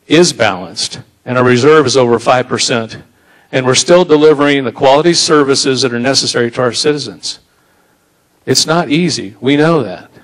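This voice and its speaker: A man's voice: mid-range voice, low-quality recording. A man giving a firm, assertive closing statement as a candidate at a debate. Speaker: political candidate.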